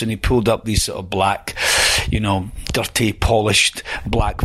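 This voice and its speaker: A Scottish man with a fairly low voice recounts stories as a podcast guest. He rambles and hesitates, filling gaps with ums and uhs. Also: little pitch movement, normal speed, fairly bright tone, slightly rough. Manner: rambling, hesitant, many fillers. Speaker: guest, actor. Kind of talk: podcast interview, anecdote telling.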